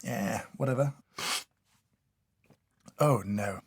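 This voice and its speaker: A man's voice: mid-range voice, very slow, slightly rough, no room sound. A man doing casual taste-test commentary, dry and sarcastic, scolding each product he tries. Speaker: food taste tester.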